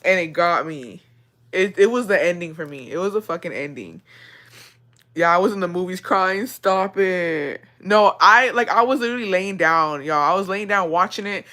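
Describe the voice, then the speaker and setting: A woman's voice: lowish voice, normal speed, sharp tone. Young woman ranting emotionally to viewers. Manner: emotional, profane, rambling. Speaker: vlogger. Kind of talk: casual chat to viewers.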